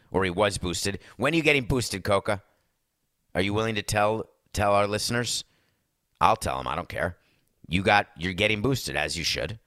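A man's voice: on the low side, pushed and bright, dry recording, clean studio sound. A man hosting a podcast in casual chat, rambling and sarcastic as he reviews a movie and talks to his listeners as folks. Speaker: podcast host.

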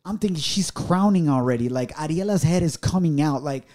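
A man's voice: fairly high pitch, brisk. A man co-hosting a podcast, telling a story casually and acting out the quoted dialogue with energy. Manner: animated, acts out quoted dialogue. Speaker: podcast co-host.

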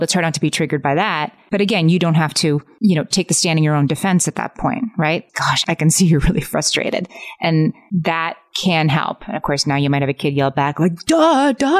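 Woman cohost w a really low voice, explains stuff, easygoing advice talk. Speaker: podcast co-host. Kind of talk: casual podcast chat.

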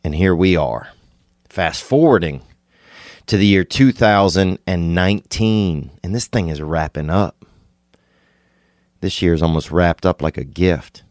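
A man, hosting a podcast and rambling through an absurd comic monologue, laid-back with sudden excited bursts. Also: low-pitched, a little slow, pauses often, dry recording, studio quality. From Louisiana. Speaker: podcast host.

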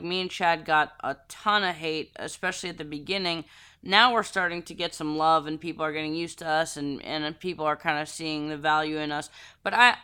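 A co-host on a podcast with a smooth, clear, bright voice. The talk is candid and self-deprecating, quick in places. It is relaxed podcast banter. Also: mid-range voice. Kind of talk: casual podcast chat.

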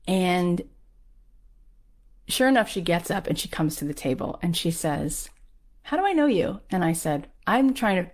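A woman tells a personal story in a low-pitched voice. She talks in a lively, animated way and peppers her speech with "like." She slips into quick acted voices for the people she quotes.

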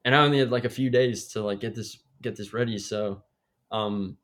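A young actor tells a story in a hesitant, easygoing way. He pauses often and fills the gaps with ums and uhs. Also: lowish voice, steady tone, fairly bright tone. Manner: hesitant, many fillers. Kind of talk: casual storytelling.

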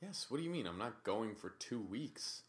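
A man's voice: on the low side, sing-song, moderate pace. A man co-hosting a podcast in casual chat, joking and teasing his co-host.

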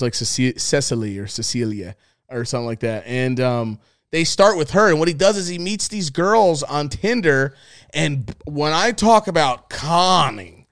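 A man's voice: mid-range voice, no echo, clean studio sound. A man hosting a podcast, chatting casually with heavy swearing and frequent laughter. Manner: profane, joking, laughs often. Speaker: podcast host. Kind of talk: casual chat.

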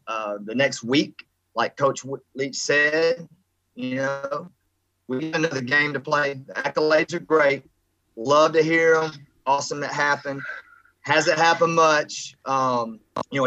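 A man's voice: mid-range voice, bright, forceful tone, highs cut off. A man appearing as a guest analyst on a sports podcast, talking in an emphatic, chummy casual style.

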